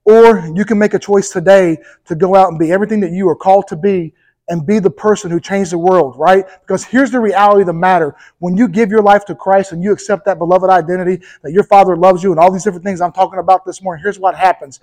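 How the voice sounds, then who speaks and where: High-voiced man preaching emphatically. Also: quick pace, low-quality recording. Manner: energetic, emphatic preaching with rising intensity; addresses the congregation directly, with repeated "okay?" and "right?". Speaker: pastor. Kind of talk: sermon.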